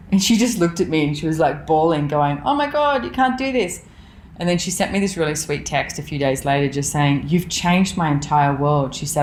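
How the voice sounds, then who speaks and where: A woman hosting a solo podcast, talking in a blunt, animated, chatty way and telling stories. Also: deep voice. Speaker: podcast host. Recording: roomy with faint background noise.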